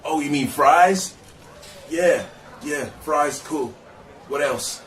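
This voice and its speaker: A man playing a bored young fast-food cashier in a comedy sketch, with a flat, dismissive manner. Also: on the high side, reverberant, distant mic, a little hiss or hum.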